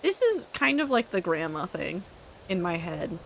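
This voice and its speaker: A woman's voice: fairly low pitch, big pitch swings, unhurried, vocal fry, a little hiss or hum. A young woman streaming a game from home, chatting casually with her chat in a rambling way, laughing at herself. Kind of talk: casual chat reading live chat while gaming.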